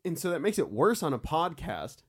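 A man's voice: a little high, a little fast, slightly rough. A man co-hosting a casual podcast, joking about himself and laughing often. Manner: laughs often, self-mocking, animated. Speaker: podcast co-host.

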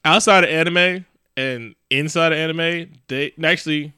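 A man co-hosting a casual chat, animated and swearing, often jumping into high excited bursts. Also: moderate pace, clear, resonant tone, no room sound, studio quality. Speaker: podcast co-host.

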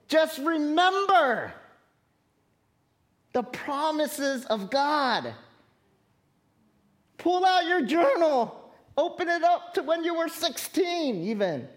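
A woman pastor preaches a sermon in an earnest, conversational way, making direct appeals to her congregation. Her voice is high and animated, and she takes her time.

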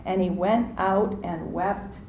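A woman's voice: lowish voice, slow, a little hiss or hum. Woman preaching in an echoey room. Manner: animated, acts out quoted voices, asks audience to respond. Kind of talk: sermon.

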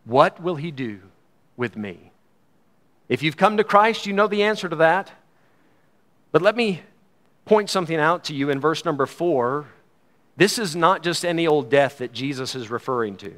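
A man's voice: animated, moderate pace, pauses often. Fervent preacher, man, rising and falling. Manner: fervent, swinging from loud declarations to hushed lows. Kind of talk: sermon.

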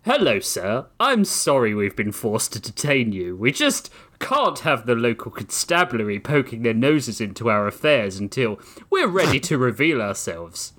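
A man voicing a pompous, posh British ape gentleman with a plummy, drawling put-on British accent. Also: medium pitch, very animated, moderate pace, hardly any pauses.

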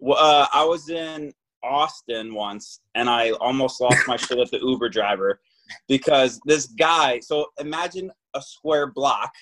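A man's voice: medium pitch, a little slow, fairly bright tone, rough recording. A man in casual chat, telling stories animatedly and acting out both sides of the exchanges.

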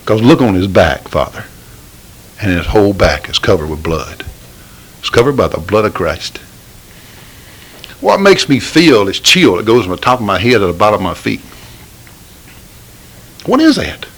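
A man's voice: fairly low pitch, big pitch swings, normal speed, long pauses, slightly rough, low-quality recording. A middle-aged man, preaching informally in a folksy, pleading way that rises into bursts of fervor. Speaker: lay preacher.

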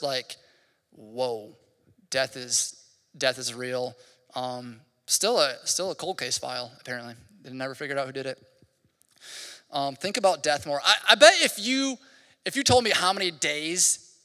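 The man, a pastor in his thirties, speaks in a fairly high, pushed, bright voice as he rambles through a casual, conversational sermon full of "like." He's in a church hall, and the recording carries a long hall reverb.

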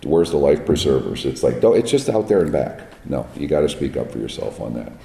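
A man with a very deep, dark, raspy voice tells blunt stories from film sets. He is recorded in an echoey hall with a long reverb tail. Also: animated, fairly quick. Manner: plain-spoken, blunt, tells set stories. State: raspy from smoke on set. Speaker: guest, film makeup artist. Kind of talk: casual interview chat. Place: large echoey room at a trade event.

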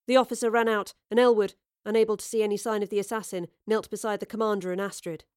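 A woman narrating an audio drama in a steady, measured storytelling voice. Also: mid-range voice, clean tone, no echo, clean studio sound. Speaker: narrator and sole performer.

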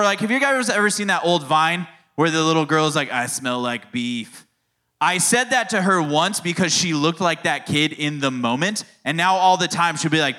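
A man's voice: sits high, sharp tone. A man in his thirties preaching a casual sermon, telling family stories in a playful, conversational way. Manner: storytelling, conversational, playful asides. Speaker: youth pastor.

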